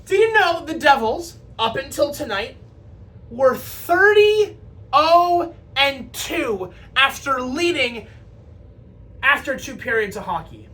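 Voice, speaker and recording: A woman's voice: high voice, big pitch swings, slow pace, fairly bright tone. A woman hosting a fan show, delivering an impassioned, scolding post-game rant with profanity. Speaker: podcast host.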